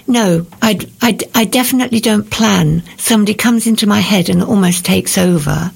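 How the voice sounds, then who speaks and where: An older woman, a writer answering radio interview questions and reading from her book in a measured, reflective way. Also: mid-range voice, vocal fry, slightly rough. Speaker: author guest.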